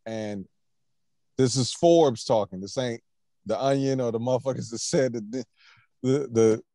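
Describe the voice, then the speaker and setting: A man's voice: medium pitch, moderate pace, warm tone, no room sound, clean studio sound. A man hosting a casual pop-culture podcast. He is laid-back, laughs often, and keeps moving the show along to the next topic. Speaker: podcast host.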